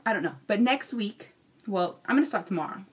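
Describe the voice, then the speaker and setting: A woman's voice: mid-range voice, lively intonation, fairly quick, husky. A young adult woman ranting casually in a vlog, frank and self-mocking, cursing freely. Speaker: vlogger.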